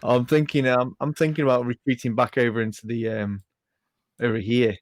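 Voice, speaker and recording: A man plays a tabletop game over a voice call from his home microphone. He thinks out loud in a middle pitch, trailing off and restarting. His sound is close and dry. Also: little pitch movement, brisk, no echo. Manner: thinks aloud with many ums and trailing restarts. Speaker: player. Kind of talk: casual tabletop game chat.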